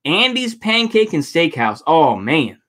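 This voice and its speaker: A man's voice: fairly high pitch, sing-song, a little slow, fairly bright tone. A man casually commenting on footage during a livestream, rambling and swearing with lots of fillers. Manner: rambling, profane, many fillers. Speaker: streamer reacting to protest footage.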